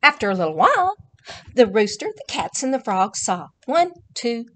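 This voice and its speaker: A woman's voice: on the high side, very animated, normal speed. A woman leading a children's story time, reading a picture book aloud, counting along and talking directly to the children. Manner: warm, sing-song, addresses children directly, counts along.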